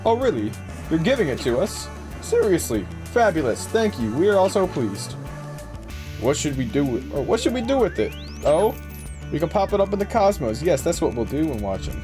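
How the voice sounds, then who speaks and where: A man's voice: on the high side, big pitch swings, moderate pace, pitched above the performer's own voice. A man putting on a pompous cosmic king. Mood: grandly pleased. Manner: grand, regal royal "we". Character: pompous male royal ruler of the cosmos. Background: video game music.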